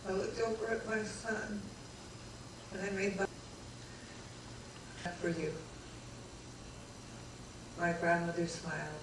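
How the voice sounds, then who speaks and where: A woman addresses a live audience in an inspirational talk, slow and heartfelt with a teasing streak. She sounds far from the microphone in a large hall full of echo. A steady hum of room noise sits behind her voice. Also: mid-range voice. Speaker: guest speaker.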